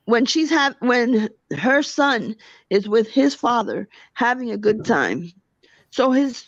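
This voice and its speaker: A woman's voice: a little high, gravelly, dry recording, dull audio. A woman livestreamer in casual chat, ranting heatedly and gossiping about other streamers.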